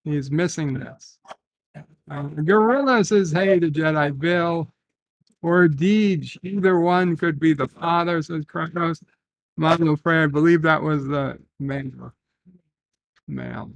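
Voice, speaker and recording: Gravelly, slow-talking male streamer. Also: fairly high pitch, no room sound. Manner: rambling, reads chat aloud, thinks out loud. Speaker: live stream host. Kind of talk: casual livestream chat reading viewer comments.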